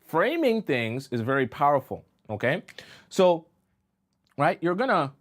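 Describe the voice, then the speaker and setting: A man's voice: on the high side, very animated, unhurried. A man giving dating advice as a coach on a live stream. He speaks emphatically and often checks in with "right?" and "okay?".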